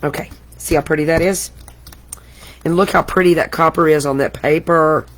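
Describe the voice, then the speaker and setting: A woman's voice: low voice, steady tone, moderate pace. A middle-aged woman hosting a live craft tutorial, chatty and exclamatory, often laughing at herself. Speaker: crafting host.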